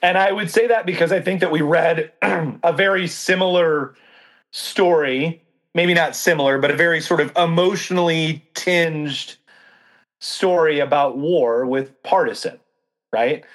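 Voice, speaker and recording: A man with a fairly high voice in a relaxed book discussion. He thinks aloud, hunts for the right word and keeps checking in with his co-host. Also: a little slow. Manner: thoughtful, searching for words, frequent "right?" checks.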